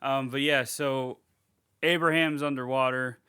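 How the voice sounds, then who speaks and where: Young man, podcast co-host, casual recap, bright crisp voice, filler-heavy and sweary. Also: medium pitch, steady tone, a little slow. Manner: rambling, swears freely, many fillers. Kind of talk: casual movie recap chat.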